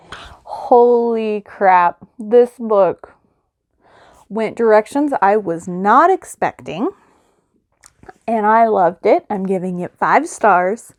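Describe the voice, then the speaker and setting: A woman's voice: on the high side, darkish tone, no echo, studio quality. A woman chatting casually in a reading vlog, rambling and gushing as she retells a book's plot. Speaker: book vlogger.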